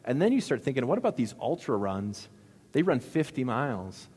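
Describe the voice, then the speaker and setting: A man's voice: medium pitch, big pitch swings, moderate pace, darkish tone, slightly rough. A middle-aged man preaching a sermon in a loose, conversational way, joking and asking the congregation questions. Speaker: pastor. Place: church sanctuary. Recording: long hall reverb.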